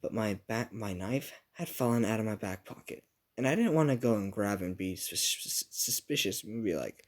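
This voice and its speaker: A man's voice: on the low side, lively intonation, normal speed, darkish tone. A young man telling a rambling, profane, self-mocking story about his school days in a casual vlog.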